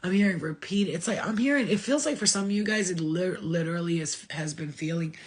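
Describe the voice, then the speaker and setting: A woman's voice: on the low side, a little fast, breathy edge. A woman giving a channeled spiritual message in a rambling, emotional way, with casual swearing. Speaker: spiritual reader.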